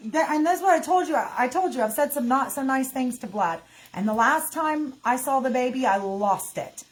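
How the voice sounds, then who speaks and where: A woman in her thirties speaking emotionally in a casual livestream, often calling her viewers y'all. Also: high voice.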